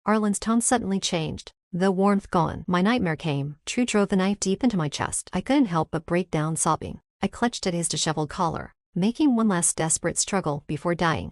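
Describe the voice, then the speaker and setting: A woman narrating a first-person romance story, in a steady, measured way. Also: fairly low pitch, no room sound, studio quality.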